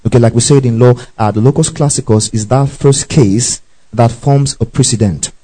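A man's voice: medium pitch, moderate pace, dark tone, low-quality recording. A man preaching a Bible-teaching sermon. He reads scripture aloud, breaks in to explain it, tells listeners what to underline and keeps checking that they follow.

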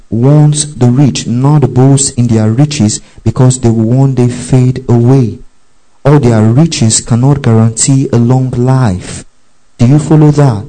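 A man preaches with a mellow, darker tone at a medium pitch. He reads scripture slowly and deliberately and keeps repeating lines for emphasis. He checks in with his listeners again and again and tells them to underline each verse. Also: rough recording. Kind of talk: sermon with Bible reading.

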